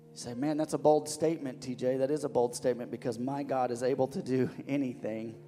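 A man's voice: medium pitch, steady tone, a little fast, warm tone, big-room sound, soft background music. A man preaching as pastor of a church, fervent and repetitive, often restarting his words. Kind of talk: sermon. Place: church sanctuary.

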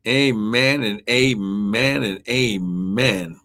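A man's voice: lowish voice, drawn-out words, a bit bright. A man preaching a live-streamed sermon, fervent and full of "amen" and "glory" exclamations, who talks to viewers while looking up his verses.

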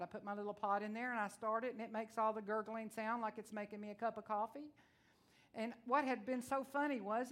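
A woman from Texas with a Texan accent, preaching a sermon in a loud, blunt, emotional and folksy way. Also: medium pitch. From Texas, USA.

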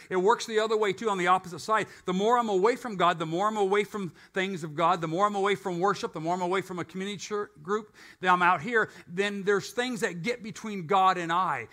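Older man, pastor, casual sermon delivery, high bright tone. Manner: conversational, self-questioning preaching.

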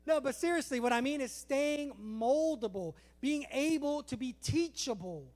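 A man preaching a sermon, animated and storytelling, acting out little dialogues. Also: very high-pitched, moderate pace. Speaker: pastor.

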